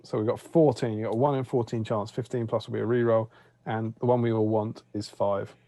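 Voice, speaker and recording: Gravelly man, mellow tone, rambling casual streamer co-host on a video call. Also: on the low side, steady tone, fairly quick, no room sound. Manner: chatty, rambling with fillers. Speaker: co-host of a tabletop wargame stream. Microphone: remote video call.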